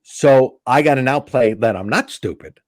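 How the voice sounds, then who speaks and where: Here a comedian guest recounts an offhand anecdote, animatedly voicing the exchanges within it. He talks at normal speed in a mid-range voice, and the studio-quality recording has no echo.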